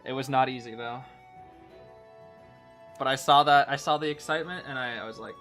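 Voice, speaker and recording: A young man commentating live gameplay as a streamer, excitable, dropping into low groans and then breaking into sudden shouts. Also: fairly quick, long pauses, faint music behind. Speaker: game streamer.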